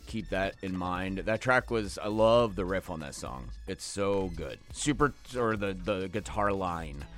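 A man's voice: lowish voice, a bit bright. A man hosting a radio show, talking casually and loosely about the records he just played, drifting into jokey asides. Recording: faint music behind the voice.

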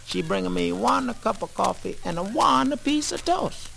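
A man's voice: sits high, animated, moderate pace, creaky, pushed and bright, slight background noise, exaggerated voice. A comedian voicing a put-upon male immigrant in a put-on Italian accent and broken English. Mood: comic complaint. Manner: broken English, exaggerated comic delivery.

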